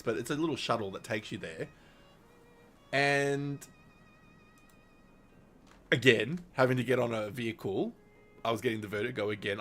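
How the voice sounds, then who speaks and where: Low-voiced man telling a rambling story. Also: fairly bright tone. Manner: rambling, with many fillers and small laughs. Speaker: streamer. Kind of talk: casual storytelling.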